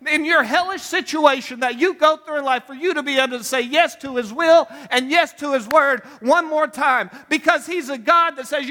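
High, bright-voiced impassioned preacher man. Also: moderate pace, hardly any pauses, big-room sound. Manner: impassioned, rising to shouted pleading. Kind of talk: sermon.

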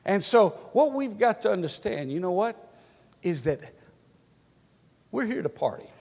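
Fervent preacher in an echoing church. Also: male voice, sits high, big pitch swings, unhurried, vocal fry, long pauses, a little mellow. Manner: folksy storytelling, repeats and restarts, building to fervent exhortation. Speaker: pastor. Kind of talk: sermon. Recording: long church-hall reverb.

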